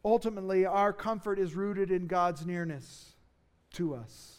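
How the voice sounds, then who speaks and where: A pastor delivering a sermon in an earnest, emphatic way, with dramatic rises for key phrases. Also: male voice, high-pitched, a little slow, clean tone.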